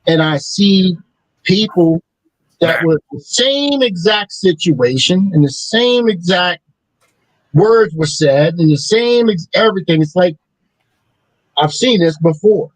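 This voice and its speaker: A man's voice: high voice, expressive, slow, no echo, rough recording. A man in a casual panel chat, talking hesitantly with many fillers and restarts.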